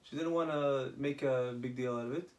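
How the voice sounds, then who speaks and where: A man tells a religious story in a loose, conversational way, stopping and restarting sentences as he goes. His voice sits at an ordinary middle pitch. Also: moderate pace, a little mellow. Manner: retells with acted quoted dialogue and many restarts.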